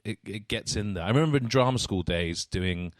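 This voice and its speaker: A man's voice: lowish voice, lively intonation, a little fast, no echo, clean studio sound. A man hosting an interview podcast, chatting eagerly and stumbling over repeated words as he asks questions. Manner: enthusiastic, stammering restarts. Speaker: podcast host. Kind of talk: casual interview chat.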